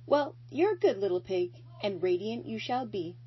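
A woman voicing a wise, kind female spider who talks in a gentle, coaxing, lively way. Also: medium pitch, moderate pace, breathy edge, dull audio. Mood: commanding, fond.

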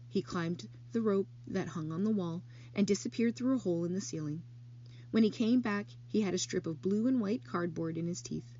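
Husky-voiced woman reading a story. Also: mid-range voice, normal speed, lo-fi sound. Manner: expressive storytelling. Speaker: narrator. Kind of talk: reading a children's novel aloud.

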